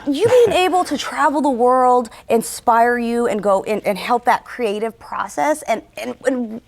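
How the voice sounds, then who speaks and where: A woman with a fairly high voice hosting a casual interview. She keeps her questions quick and upbeat, with playful teasing, and closes out the show herself. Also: creaky. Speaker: interview host.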